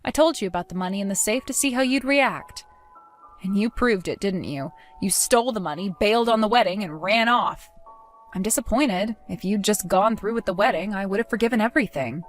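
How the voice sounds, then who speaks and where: Calm, coldly accusing woman. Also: medium pitch, a little fast, soft background music. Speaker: wronged fiancée telling her side. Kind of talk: dramatized story dialogue.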